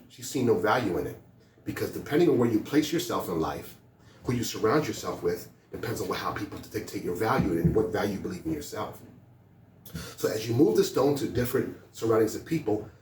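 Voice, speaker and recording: A man's voice: fairly low pitch, darkish tone, a little hiss or hum. A man speaking as a motivational speaker, animatedly telling a story to students and building to urgent emphasis. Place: school hall. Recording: echoey room from a distance.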